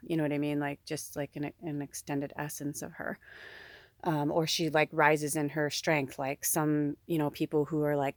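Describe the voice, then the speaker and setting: A woman with a low, fairly bright voice, recorded dry in studio quality, works as a spiritual medium and speaks casually to camera for her viewers. Her monologue rambles, full of fillers, laughter and free swearing.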